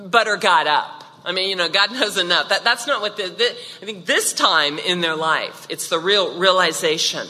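Her voice sits on the low side, bright and forceful, with a big-room sound, as this woman jokes her way through a casual devotional talk, constantly turning to listeners with "you know" remarks.

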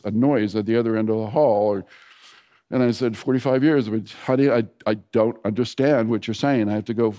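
A man in his sixties preaching in a relaxed, storytelling manner, his voice sitting at an ordinary middle pitch. He tells homely anecdotes to his congregation and slips into a quiet, hushed tone for short prayers. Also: in a large hall. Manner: conversational storytelling preacher, drops to a soft hush for prayers. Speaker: pastor. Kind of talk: sermon.

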